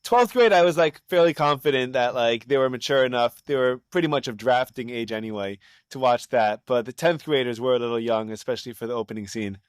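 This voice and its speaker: A man's voice: mid-range voice, clear, resonant tone, no room sound, studio quality. A man hosting an interview, a teacher, giving short encouraging reactions and asking questions. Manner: encouraging listener with short reactions and quick laughs. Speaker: podcast host and teacher. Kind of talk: casual interview.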